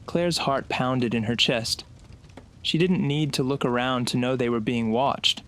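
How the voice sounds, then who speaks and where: Man narrating a slow, suspenseful horror story. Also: mid-range voice, a bit bright.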